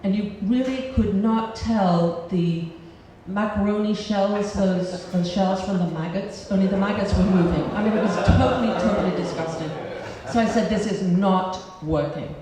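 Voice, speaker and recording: A woman's voice: mid-range voice, normal speed, few pauses, a crowd in the background. Woman telling a comic story on stage. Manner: animated, comic, laughing at her own story. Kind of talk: live storytelling performance. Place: cultural center stage before an audience. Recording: roomy hall from a distance.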